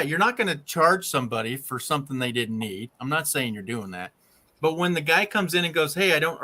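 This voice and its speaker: A man's voice: a little high, sharp tone. A man hosting an RV channel, coaching a mechanic in casual chat and constantly checking in with "right?" and "okay?". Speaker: RV channel host.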